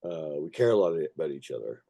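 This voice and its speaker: Man, born in Ireland, raised in Canada, very deep, gravelly, rambling, profane, interview guest, dry close sound. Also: sing-song, fast talker, mellow, no room sound. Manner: rambling, profane, many restarts. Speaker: musician guest. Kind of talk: casual interview chat.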